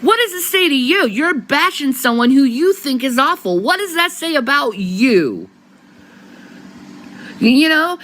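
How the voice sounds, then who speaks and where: A woman's voice: high-pitched, a bit bright, rough recording. A woman vlogger talking straight to camera, short of breath, rambling and swearing with many restarts and bursts of laughter. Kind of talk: rambling casual vlog monologue.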